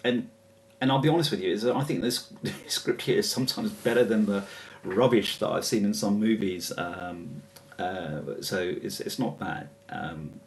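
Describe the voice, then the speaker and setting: A man giving a casual, chatty walkthrough of software on screen, hesitant and chuckling as he goes. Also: on the low side, distant mic. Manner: chatty, hesitant, many fillers and restarts, chuckles often. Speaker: presenter demonstrating software.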